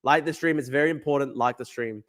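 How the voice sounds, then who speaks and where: A young man from Australia talks casually on a livestream, reading out viewer comments and riffing on them. His voice sits in a middle pitch, and he rambles, circling back and repeating his points. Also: fast talker, fairly bright tone. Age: young adult. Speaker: livestream host reading chat.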